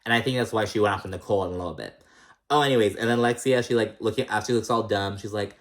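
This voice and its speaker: A man's voice: lowish voice, racing. A man recapping reality TV in casual chat, blunt and sassy, swearing a lot and calling people "girl".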